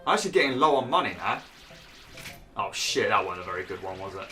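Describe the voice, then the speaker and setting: Bright-voiced man playing a game. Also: sing-song, quick pace, soft background music. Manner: chatty, swears and laughs when frustrated; bursts into high exclaims when annoyed. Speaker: gaming YouTuber. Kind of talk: Let's Play commentary.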